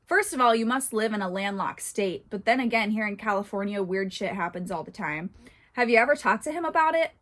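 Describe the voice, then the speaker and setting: A woman hosts a casual channel and reads online posts aloud in a conversational way. She breaks into laughter now and then and jumps into animated asides, with her pitch sitting in an ordinary middle range. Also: brisk. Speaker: horse channel host reading Reddit posts. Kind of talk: casual reading and commentary.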